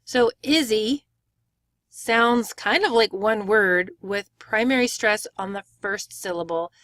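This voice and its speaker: Clear woman teaching pronunciation. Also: mid-range voice, slow pace, a bit bright, no room sound, studio quality. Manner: clear, step-by-step explaining with demonstrated words. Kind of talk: screen-share tutorial.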